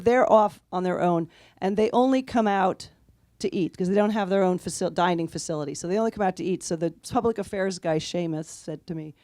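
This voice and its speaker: In this conversational interview, a female author guest shares stories animatedly, quoting others she encountered and laughing along. She speaks in a lowish register, with no room sound in the recording.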